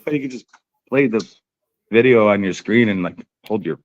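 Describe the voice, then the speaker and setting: Guy guest on a live podcast, cracking crude jokes, super animated voice. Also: on the low side, moderate pace, highs cut off. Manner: joking, teasing, crude humor. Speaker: guest band member. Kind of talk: casual livestream chat.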